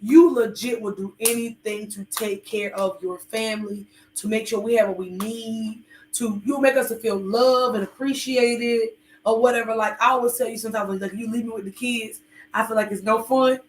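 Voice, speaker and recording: A woman talks in a loose, rambling way, full of fillers and candid asides. Her voice sits a little high, and it echoes around the room. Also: steady tone, normal speed, a little hiss or hum. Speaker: podcast co-host. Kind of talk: casual chat with her husband.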